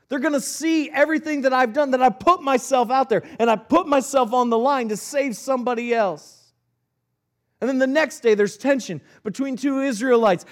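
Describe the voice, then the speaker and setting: A male pastor preaching a sermon, reading scripture aloud and retelling it in earnest, conversational words. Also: very high voice.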